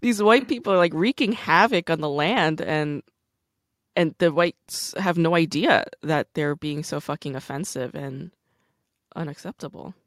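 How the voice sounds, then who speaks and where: This American woman speaks in a low-pitched voice at a slightly slow pace, recorded dry with studio quality. Hosting a casual conversation, she tells stories candidly and animatedly, saying "like" a lot.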